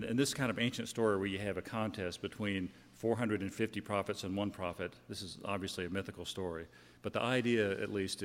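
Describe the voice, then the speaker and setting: A man preaching a sermon, retelling a scripture story in a conversational way with fillers and self-corrections. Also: on the low side. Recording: long hall reverb.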